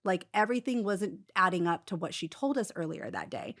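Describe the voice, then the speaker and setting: A woman telling her own story as an interview guest in casual, animated talk, peppered with "like" and quick restarts. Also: fairly low pitch. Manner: rapid, animated retelling full of "like" fillers and restarts.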